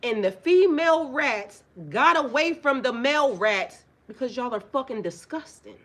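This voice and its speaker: A woman's voice: sits high, expressive, moderate pace. A woman, a spiritual life coach, talking casually on a livestream: blunt, profane and preachy, firing rhetorical questions and repeating phrases for emphasis. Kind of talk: casual livestream talk to viewers.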